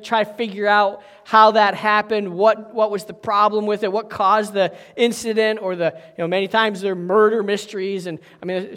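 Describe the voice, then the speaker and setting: A man's voice: high voice, a bit bright. A middle-aged male pastor preaching a sermon in a folksy, chatty way, with many asides and okays. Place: church sanctuary. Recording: echoey hall.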